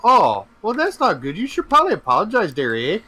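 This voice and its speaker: A man's voice: high-pitched, very animated, quick pace, bright, forceful tone, husky, voice pushed up, full character voice. A man putting on an overly polite, apologetic Canadian fellow. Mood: sheepish polite. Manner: ends lines with "eh" and "there, bud".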